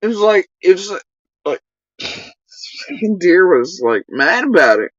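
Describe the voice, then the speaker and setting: A woman's voice: lowish voice, sing-song, unhurried, no echo, muffled recording. A woman telling a casual story on a livestream, rambling, laughing and swearing freely.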